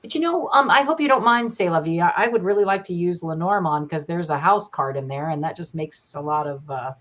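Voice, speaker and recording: A woman's voice: lowish voice, animated, a little fast, fairly bright tone. Chatty woman giving a tarot reading. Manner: chatty, upbeat, often asks "right?". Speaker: guest tarot reader. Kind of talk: casual card reading on a livestream.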